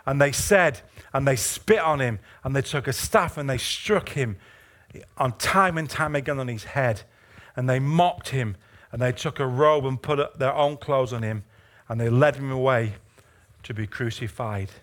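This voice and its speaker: A male pastor preaching a sermon with passion, moving from hushed, slow passages to fervent, urgent ones. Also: medium pitch.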